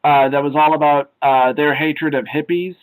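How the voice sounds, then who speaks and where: A young man co-hosts a casual podcast chat with a slightly high-pitched voice. He rambles with plenty of filler sounds and throws in loud acted-out quotes. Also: steady tone, moderate pace, poor audio. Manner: rambling, many filler "uh"s, acts out comic lines loudly. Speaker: podcast co-host.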